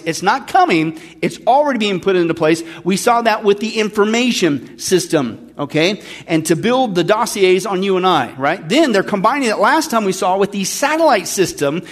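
A man preaching a sermon as pastor, emphatic, repeating his points and checking in with "okay?" and "right?", addressing the listeners as folks. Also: high-pitched.

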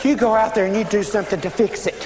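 A man's voice: high-pitched, steady tone, quick pace, lightly acted. A man voicing a fretful wife who is embarrassed and then furious, talking with repeated exclamations, in an echoey room with audience noise.

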